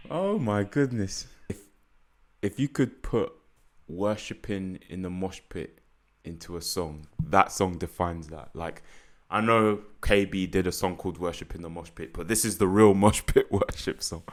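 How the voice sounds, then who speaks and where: A man's voice: low voice, moderate pace. A man hosting a casual album reaction, laid-back and thinking aloud with frequent laughs. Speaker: music reaction host.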